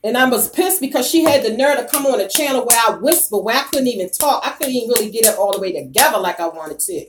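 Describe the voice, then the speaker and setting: Woman YouTuber on a live stream, blunt and foul-mouthed, slightly high voice, big pitch swings, quick to laugh. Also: noisy background. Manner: profane, blunt and animated; bursts of loud laughter. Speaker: YouTuber reading live chat. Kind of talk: casual live-stream rant.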